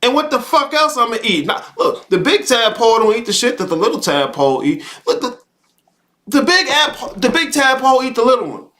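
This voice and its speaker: Hosting a live monologue, a man with an extremely high, pushed and bright voice rants heatedly and fairly quickly about time and spirit. He's very animated and profane, repeating words and asking "okay?" again and again.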